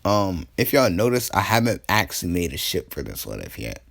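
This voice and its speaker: A young man with a slightly low-pitched voice telling a fan story off the cuff. He is laid-back and profane, and he trails off with plenty of ums and laughs at his own jokes. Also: sing-song, brisk, creaky, fairly bright tone. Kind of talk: casual fan-fiction storytelling.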